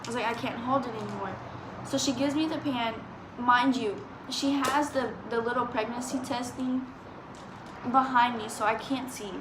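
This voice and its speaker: A woman's voice: a little high, steady tone, moderate pace. A woman, chatting through a story and quoting people as she goes. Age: 20s. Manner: rambling, quotes people with "I was like". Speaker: vlogger. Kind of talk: storytime chat. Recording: echoey room with background noise.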